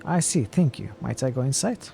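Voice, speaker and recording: A man's voice: medium pitch, lively intonation, moderate pace, vocal fry, warm tone. A man voicing a young woman adventurer, reading her lines curtly in a slightly raised voice.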